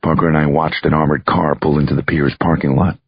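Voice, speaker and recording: A man narrating a crime thriller audiobook in the first person, steady and measured. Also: rumbling low, husky, dry recording, lo-fi sound.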